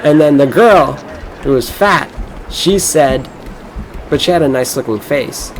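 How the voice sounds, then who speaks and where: A man's voice: mid-range voice, expressive, measured pace, faint music behind, low-quality recording. A young man from Florida talking casually over a game, rambling and cursing as he tells a boastful story. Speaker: gameplay streamer. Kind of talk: casual rambling gameplay commentary.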